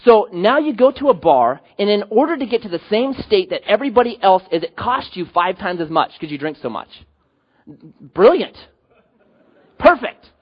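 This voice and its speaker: A man preaching a sermon as pastor, animated, rising to loud emphatic peaks and dropping to quiet low endings. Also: brisk, few pauses, slightly rough, dull audio.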